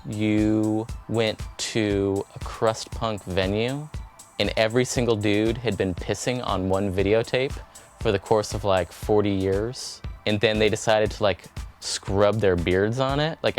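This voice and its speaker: A man telling a crude, exaggerated anecdote in an interview. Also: lowish voice. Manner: vivid, crude, hyperbolic. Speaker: interviewee, VHS collector.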